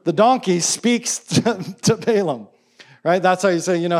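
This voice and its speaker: A man preaching a sermon in a casual, enthusiastic way, with quick asides and restarts. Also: high-pitched. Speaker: pastor.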